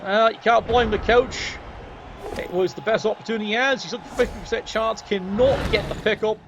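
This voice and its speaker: A man's voice: sits high, a little fast, noisy background. A man commentating a game match, sardonic and casually swearing as he talks straight to the players.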